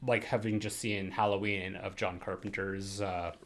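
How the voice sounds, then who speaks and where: A man's voice: sits low, level tone, moderate pace, a bit bright. A man co-hosting a podcast in casual chat, rambling with lots of fillers and frequent laughs. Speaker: podcast co-host.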